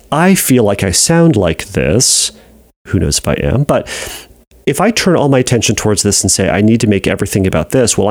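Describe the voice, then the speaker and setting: Congested man with a lively low voice. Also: no echo. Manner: thoughtful, repeats and restarts while explaining. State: congested, nasal from sinus trouble. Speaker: podcast host and therapist. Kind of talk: advice podcast, answering a listener.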